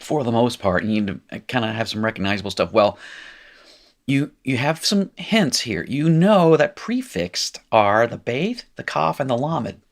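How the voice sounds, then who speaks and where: A man's voice: mid-range voice, big pitch swings, unhurried. A man teaching a live recorded language lesson, chatty and jokey, correcting himself as he goes.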